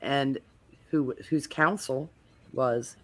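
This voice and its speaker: A man's voice: medium pitch, steady tone, drawn-out words, a bit bright. A man on a podcast panel in casual chat, telling rambling anecdotes full of restarts.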